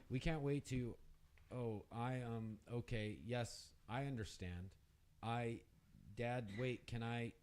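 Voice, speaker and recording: A man's voice: unhurried, darkish tone, slight background noise. A man reading a short story aloud on a radio show, lifting his voice for the women's lines. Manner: reads aloud, raises pitch for the women's lines. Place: radio studio.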